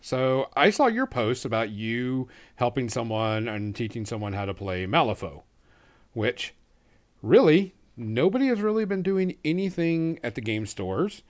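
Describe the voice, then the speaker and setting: A man's voice: mid-range voice, very animated, measured pace. A man hosting a casual podcast chat, easygoing and rambling, with many ums and uhs. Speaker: podcast host.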